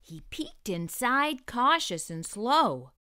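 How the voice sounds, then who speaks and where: A woman reading a rhyming children's picture book aloud, slow and expressive. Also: a little high, no echo, studio quality. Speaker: storyteller. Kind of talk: children's storybook read-aloud.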